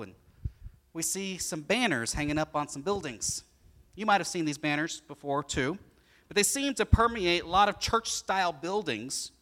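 A man preaching a sermon as pastor, animated and acting out the story as he goes. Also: high-pitched. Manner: animated, acts out the story in voices.

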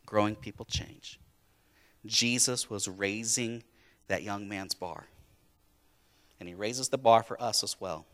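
Male pastor, sermon delivery, emphatic with repeated phrases, bright forceful voice, long church reverb. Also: lowish voice, slow, pauses often.

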